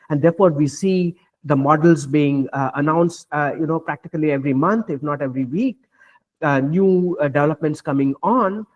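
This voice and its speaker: A male researcher on a panel, talking in a fairly high voice. He is measured and explanatory, often pausing with fillers and restarting his sentences. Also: darkish tone. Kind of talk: panel discussion remarks. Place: virtual roundtable, video call.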